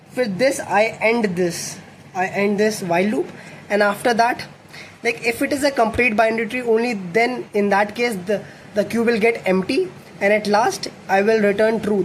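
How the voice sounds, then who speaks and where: A man's voice: sits high, moderate pace. Young man explaining code aloud. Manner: thinks aloud, self-correcting with fillers. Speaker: coding tutor. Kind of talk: explaining code while writing. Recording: faint background noise.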